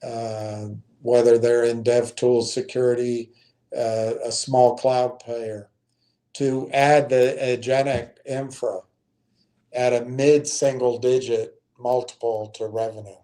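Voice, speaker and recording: A man talks slowly and unhurriedly in a warm, darker voice. He hosts a casual investing stream and reads numbers aloud. He pauses on fillers and corrects himself as he goes. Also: mid-range voice, little pitch movement. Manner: unhurried, thinking aloud with frequent ums and self-corrections. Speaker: stream host. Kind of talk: casual investing talk, reading out analysis.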